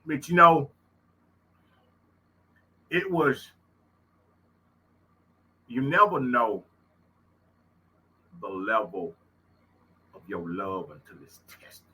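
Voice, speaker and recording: A middle-aged man with a Louisiana drawl hosts a homespun storytelling talk, folksy and emphatic, repeating lines for weight. His voice is bright and forward but husky and a little breathy. He rolls from quiet reflection into loud retelling. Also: medium pitch, very slow, pauses often, rough recording. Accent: Southern US, Louisiana. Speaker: host. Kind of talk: casual storytelling monologue.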